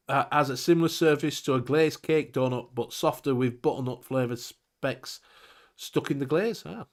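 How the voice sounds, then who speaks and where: A man, hosting a casual live-stream chat, reading out viewer comments, laughing often and swearing casually. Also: on the high side. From England.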